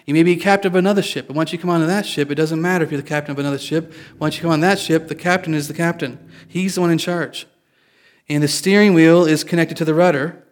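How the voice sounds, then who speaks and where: A male pastor giving a conversational sermon, often restarting his sentences and making light jokes. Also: on the high side. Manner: conversational, self-correcting, joking.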